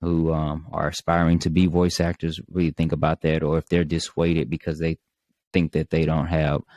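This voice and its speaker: A man hosting an interview, asking questions in a measured, thoughtful way. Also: rumbling low, level tone, darkish tone, no echo. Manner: measured and thoughtful, with brief backchannel replies. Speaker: podcast host. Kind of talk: interview conversation.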